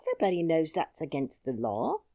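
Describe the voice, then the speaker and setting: A woman's voice: deep voice, wildly swooping pitch, fairly quick, mellow, no echo, clean studio sound, full character voice. A woman voicing a brave, cheerful twelve-year-old miner boy who talks boldly and plainly. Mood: frank. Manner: bold, singing taunts, plain-spoken.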